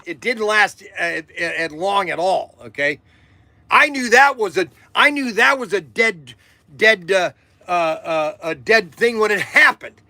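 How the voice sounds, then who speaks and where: An older man hosting a podcast tells a long personal story casually, rambling, emphatic and repetitive, with emotion breaking through at times. His voice is very high-pitched, bright and forceful, with no echo.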